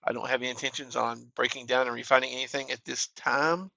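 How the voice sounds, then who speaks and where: A man narrates his game session in a laid-back, plain way. His voice has a gravelly edge and a bright, forward tone. The recording is close and dry, with no room sound. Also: medium pitch, fast talker, dry recording, highs cut off. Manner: relaxed, plain-spoken walkthrough talk. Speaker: gaming channel host. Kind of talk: casual game commentary.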